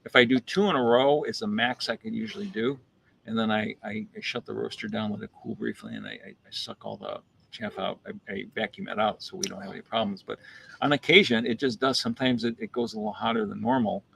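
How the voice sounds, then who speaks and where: This coffee roaster's voice is fairly low and creaky, and he talks briskly as he shares a casual story at a coffee shop, acting out quotes and repeating words while he thinks. Slight background noise is audible.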